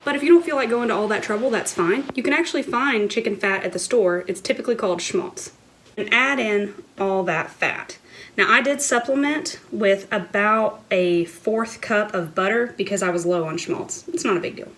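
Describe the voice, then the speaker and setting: A woman's voice: mid-range voice, moderate pace, a bit bright, low-quality recording. A woman giving a cooking tutorial in her home kitchen, with playful, self-mocking asides. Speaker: cooking vlogger.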